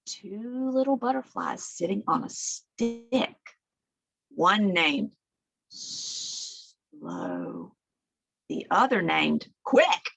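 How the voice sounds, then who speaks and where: Reading slowly to children at storytime, a librarian's voice carries vocal fry as it swings animatedly between quiet whispers and high calls. The recording has no echo.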